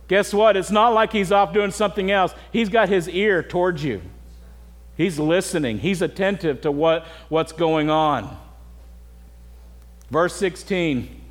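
A man's voice: high voice, normal speed, a bit bright, long reverb tail. A middle-aged man preaching a sermon as pastor, earnest and direct, often asking his congregation questions.

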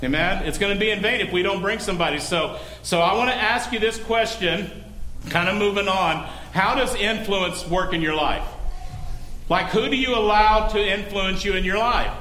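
A man's voice: high voice, moderate pace, bright, forceful tone, slight background noise. A male pastor preaching a sermon in a conversational way, often asking the congregation questions.

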